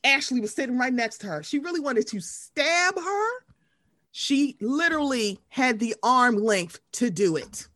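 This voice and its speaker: Animated high-voiced woman ranting. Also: unhurried, no echo. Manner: profane, animated, acts out quoted voices. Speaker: podcast co-host. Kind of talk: casual reality-TV recap chat.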